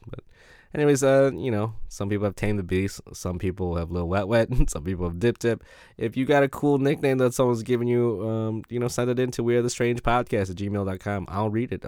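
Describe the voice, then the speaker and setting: Man, podcast host, low voice, dry close sound, rambling, profane, laughs often. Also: dry recording. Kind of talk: casual solo podcast chat.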